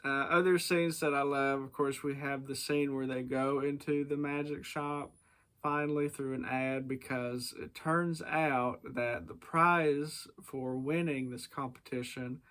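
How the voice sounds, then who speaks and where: A man's voice: medium pitch, fairly even intonation, a little slow, fairly bright tone. A man casually reviewing a book, hesitant with many fillers and chuckles.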